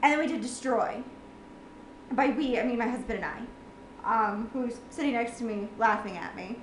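A woman's voice: a little high, moderate pace, a little hiss or hum. A woman in a home room, venting in an exasperated, sarcastic rant full of swearing on a gaming reaction vlog. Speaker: gamer reacting to a game ending. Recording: echoey room.

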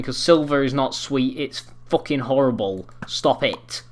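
A young man commentating his own game, rambling and swearing, breaking into angry yells. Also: mid-range voice, unhurried, few pauses. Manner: swears a lot, rambling, bursts into angry yelling. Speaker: gaming commentator. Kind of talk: live gameplay commentary. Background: faint keyboard clicks and typing.

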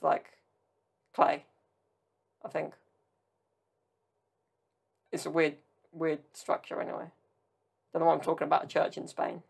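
A podcast host from Southern Italy chats casually on their own, rambling into tangents and tossing in jokey asides. The voice sits in the mid range and sounds creaky and slightly rough.

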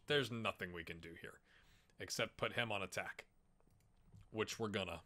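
A man's voice: mid-range voice, fairly quick, sharp tone. A man casually commenting on his own football management game, chatty and self-mocking, urging his players on. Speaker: gaming YouTuber.

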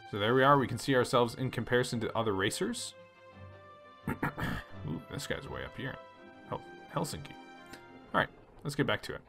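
A man with a gravelly, creaky voice hosts a laid-back let's play, reading the game's story text aloud and then musing over his choices. His pitch rises and falls a lot as he talks, and soft music plays faintly behind him. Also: normal speed, long pauses. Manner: relaxed, reads story text then chats about choices. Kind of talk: casual gameplay commentary reading game text aloud.

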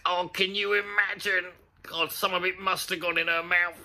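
A high-pitched man at a moderate pace delivers a sarcastic, sweary comedic rant about a news story. He's a comedy commentator, and his ranting is animated throughout.

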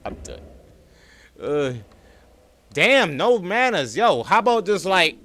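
Hyped, bright-voiced gaming host man. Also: high voice, very animated, slow pace, faint music behind. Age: 30s. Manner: hyped, slangy, joking, talks to viewers as y'all. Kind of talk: let's play horror commentary.

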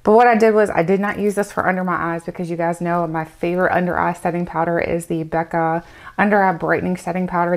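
A woman in her thirties chatting candidly through a beauty product review, with lots of "like" fillers. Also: fairly low pitch. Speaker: beauty vlogger reviewing samples.

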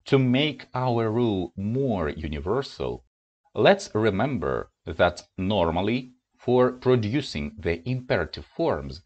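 A man with a Russian accent who speaks Russian natively, teaching a grammar lesson in English and clearly pronouncing example words. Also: lowish voice, very animated, takes it slowly, a little mellow, highs cut off.

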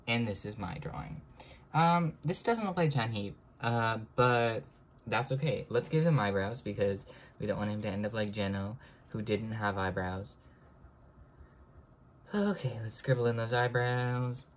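A young man chatting casually to viewers as he draws, self-mocking, now and then breaking into high excited exclamations. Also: a little slow, slight background noise. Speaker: drawing vlogger. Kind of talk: casual chat while drawing.

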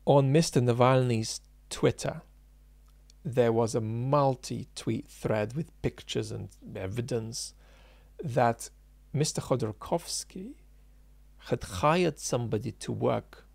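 Guy doing political commentary, gravelly voice, dry close sound, lots of ums. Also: medium pitch, darkish tone, dry recording. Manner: thinking aloud with frequent ums and restarts; emphatic, argumentative. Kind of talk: unscripted commentary.

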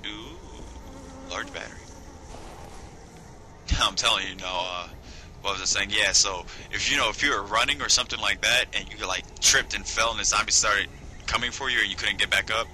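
A man giving casual let's-play commentary on a game, joking, swearing and bursting into high shrieking voices. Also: steady tone, normal speed, bright, forceful tone, a little hiss or hum. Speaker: gameplay commentator.

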